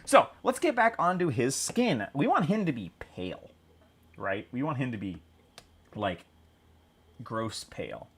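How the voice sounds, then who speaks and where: A man's voice: medium pitch, very animated, measured pace, pauses often, breathy edge. A man hosting a hobby stream, chatting casually and rambling with jokes while he paints miniatures. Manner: jokey, rambling, laughs at own jokes.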